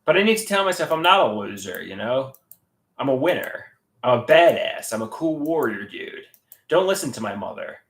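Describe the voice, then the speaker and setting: A man's voice: mid-range voice, sing-song, moderate pace, a bit bright, roomy sound. A man chatting casually on a livestream, reading viewer comments aloud and greeting chatters.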